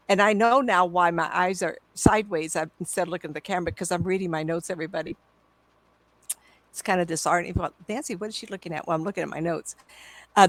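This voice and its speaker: Gravelly 70s lady medium telling stories, gets excited, laughs a lot. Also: on the low side, no room sound. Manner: excitable, laughs often, chatty. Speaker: psychic medium. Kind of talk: storytelling talk to an audience.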